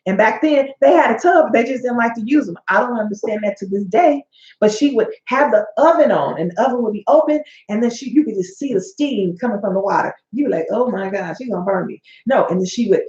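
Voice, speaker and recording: A woman's voice: fairly high pitch, darkish tone. A woman in her forties, a life coach and host, giving a preachy motivational talk that is full of stories. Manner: sassy, preachy, tells stories with acted-out quotes. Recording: echoey, dull-sounding room.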